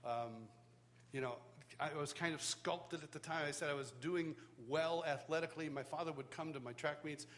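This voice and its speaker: A man's voice: a little high, normal speed, fairly bright tone. A middle-aged man preaching at a live church worship school, telling his life story with self-deprecating humor and acting out the voices of people he quotes. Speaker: worship teacher. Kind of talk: personal testimony sermon.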